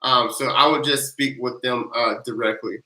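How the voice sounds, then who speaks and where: A man hosting a casual livestream Q&A, reading viewer questions and answering with energetic, playful hype. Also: medium pitch, moderate pace, roomy sound, poor audio. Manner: energetic, hyped chant leader, loud and playful. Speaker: livestream tax advice host.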